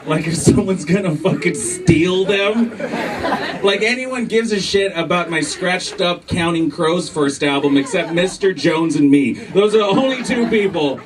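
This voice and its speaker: A man's voice: high-pitched, animated, unhurried, a crowd in the background. A male stand-up comedian doing a profane, self-mocking set on a comedy club stage, acting out both sides of arguments, with audience laughter behind him. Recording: distant club recording with room noise.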